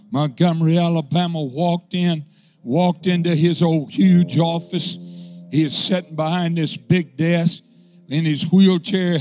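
High-voiced man preaching a folksy testimony. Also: darkish tone. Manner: folksy, humorous testimony rising into fervent preaching. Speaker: pastor. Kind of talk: storytelling sermon.

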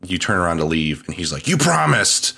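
On a gaming podcast, a co-host with a deep, low voice chats casually, retelling a game's plot in a loose, rambling way. He laughs often and slips into quick mock voices for the characters, his tone level yet pushed and bright.

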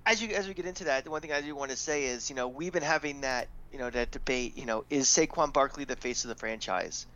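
A man's voice: mid-range voice, fast, few pauses, pushed and bright. A man co-hosting a sports podcast in casual chat, rambling with lots of "you know", with a light Long Island accent. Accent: mixed Long Island and Florida. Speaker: podcast co-host. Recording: slightly dull lo-fi mic.

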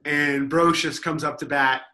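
Man, bright voice, slightly high, rambling, self-amused storyteller, podcast panel. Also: fairly even intonation, unhurried. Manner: rambling, self-amused, acts out loud mock quotes.

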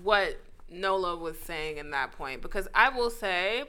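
An American woman co-hosting a casual chat, animated and swearing freely. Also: fairly low pitch, measured pace, clean tone. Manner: animated, swears freely, jumps into quoted voices. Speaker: podcast co-host.

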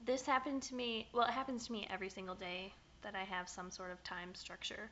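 A woman's voice: medium pitch, steady tone, a little fast, fairly bright tone, a little hiss or hum. A young woman co-hosting a podcast, chatting casually and playfully. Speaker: podcast co-host. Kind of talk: casual chat. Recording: dull, lo-fi podcast audio.

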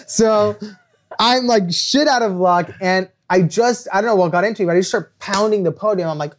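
A young man, a podcast guest and author, telling an animated anecdote and acting out quoted lines. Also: sits high, brisk, a little hiss or hum. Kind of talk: storytelling anecdote.

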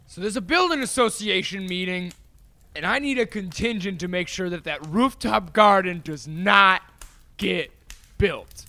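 A man's voice: sits high, unhurried, pushed and bright, dry recording, heavily acted. A man playing a scheming tenant who eagerly tells a conspiratorial story in an improv comedy monologue. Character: scheming male tenant plotting against a rooftop garden.

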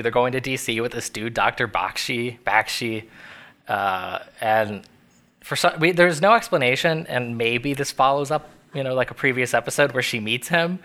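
A man's voice: mid-range voice, bright, forceful tone. A man co-hosting a podcast, rambling through a casual recap of a sitcom episode with frequent laughs. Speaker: podcast co-host. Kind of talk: casual chat.

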